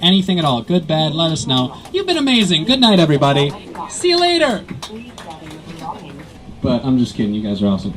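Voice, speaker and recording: Male stand-up, slightly high voice, dry self-mocking delivery, recorded over loud tram noise. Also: poor audio. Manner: self-mocking, wraps up the show again and again. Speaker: stand-up comedian. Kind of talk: deadpan stand-up to commuters. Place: airport tram, indoors.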